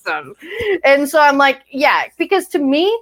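A woman with a Southern US accent co-hosting a casual chat, talking in an animated, gossipy way and laughing often. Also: high-pitched, moderate pace. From Texas. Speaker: co-host.

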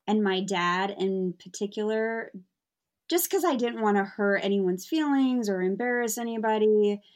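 A woman speaking as a guest in an easygoing conversation. She is candid and expressive, slipping into quick impressions of other people. Her pitch sits in an ordinary middle range. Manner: candid, animated, mimics others. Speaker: guest, author. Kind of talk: casual conversation.

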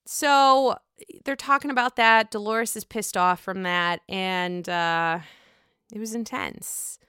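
A woman casually recapping a reality show reunion for her vlog, gossipy and profane, with animated reactions. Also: mid-range voice, slow pace, smooth, dry recording, studio quality.

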